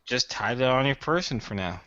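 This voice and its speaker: A man playing Xavier, a steady adventurer. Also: mid-range voice, a little fast, natural voice. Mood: calm, practical. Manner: plain, level-headed in-character speech. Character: steady male adventurer, practical group leader. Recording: dull lo-fi mic.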